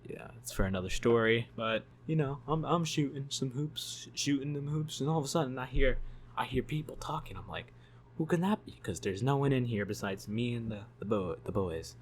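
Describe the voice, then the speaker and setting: A man's voice: mid-range voice, expressive, a little fast, slight background noise. A man telling a story in a casual vlog, rambling, swearing and laughing as he goes. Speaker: YouTube storyteller.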